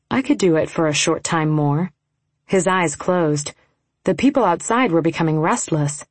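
A young adult woman narrating a first-person romance audiobook in a soft, intimate reading style, slipping into whispers for dialogue. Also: fairly low pitch, no room sound.

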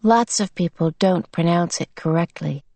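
A woman voicing a cold, sinister little boy under a possessing mind, speaking in a flat, monotonous way. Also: lowish voice, normal speed, dry recording. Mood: menacing.

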